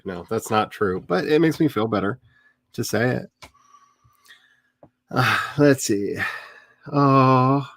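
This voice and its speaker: A man's voice: medium pitch, no echo. Man, stream host, casual rambling chat, self-mocking jokes, dry close sound. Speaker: livestream host. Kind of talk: casual chat during a writing sprint stream.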